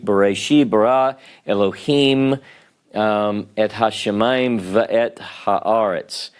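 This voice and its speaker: A man teaching a classroom lecture on grammar, speaking in a measured way with frequent pauses and ums. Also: on the low side, a little mellow. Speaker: Hebrew teacher.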